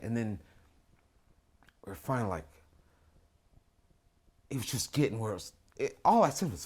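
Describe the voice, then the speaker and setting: A man, an artist, casually telling a wild story in an interview, swinging between mumbled asides and loud, profane outbursts. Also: mid-range voice, lively intonation, fairly quick, long pauses. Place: lives in Atlanta.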